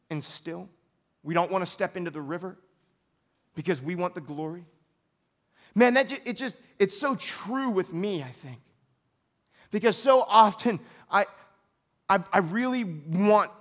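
A male pastor with a voice that sits high addresses his church congregation in an earnest, confessional sermon. He moves between quiet reflection and loud outbursts.

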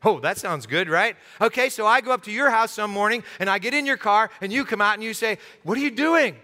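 A male pastor preaching a sermon, telling the story with lively humor and acting out the scenes for his listeners. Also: high-pitched, quick pace, long reverb tail.

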